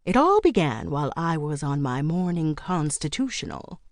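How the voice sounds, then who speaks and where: A woman performs a grandly dramatic widow in her early seventies for an audiobook. She stretches out her words for effect and savors every pause. The voice sits low, with a dry, close sound. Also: very animated, no room sound. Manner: theatrical, drawn-out delivery. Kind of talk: audiobook character reading.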